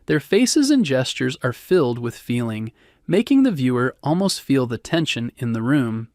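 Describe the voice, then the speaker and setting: A man narrating a bedtime history story in a calm, soothing, scripted way. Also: medium pitch, moderate pace, no room sound, clean studio sound.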